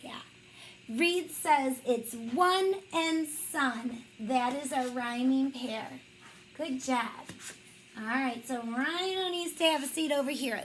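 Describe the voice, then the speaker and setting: A woman teacher with a high voice reads a picture book aloud to young children, taking her time with every line. She is encouraging and praises them often. A faint hiss sits under the recording. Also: poor audio.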